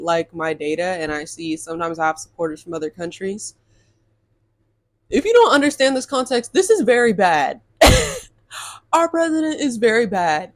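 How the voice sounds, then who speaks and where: A young woman in the middle of a casual storytime rant, her voice at an ordinary middle pitch for a woman. She talks to her viewers like friends, exasperated and animated, dropping curses as she goes. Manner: animated, exasperated, swears, addresses viewers as y'all. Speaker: storytime vlogger.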